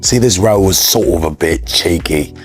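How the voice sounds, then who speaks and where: A man's voice: deep voice, moderate pace, faint music behind, lightly acted. A man voicing a pompous, rambling male film actor with a put-on British accent in a comedy sketch.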